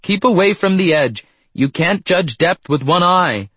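A man voicing an anxious, caring woman nurse who calls out high-pitched, fearful warnings in a storybook reading. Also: expressive, unhurried, pushed and bright, husky, no room sound, heavily acted. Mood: worried. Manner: high, fearful, protective cries.

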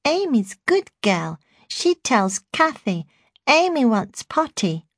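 A woman reading a memoir aloud, voicing a little girl who has slipped into slow, high baby talk. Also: sing-song, no echo, clean studio sound, full character voice. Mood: babyish.

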